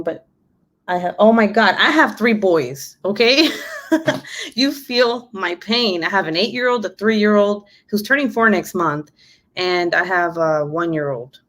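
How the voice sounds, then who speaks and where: A young woman, a mother of three, casually telling a story to her viewers. She swears freely, laughs often and acts out what people said. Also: mid-range voice. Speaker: vlogger, mother of three boys.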